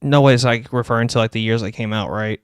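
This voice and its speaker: A young man streaming live, chatting excitably and rambling about game lore. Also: mid-range voice, clear, resonant tone, no echo, studio quality. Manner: excitable, rambling, quick bursts of laughter.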